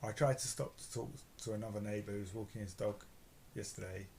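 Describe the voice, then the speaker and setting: A man's voice: lowish voice, quick pace, vocal fry, warm tone, slight background noise, low-quality recording. A man with a London accent chatting casually as a vlog co-host, rambling with many fillers. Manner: rambling, hesitant, filler-heavy. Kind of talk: casual chat.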